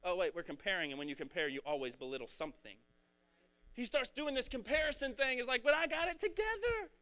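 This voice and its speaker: A man preaching a casual, energetic sermon, talking in a rambling, conversational way. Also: high voice, fast. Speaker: pastor.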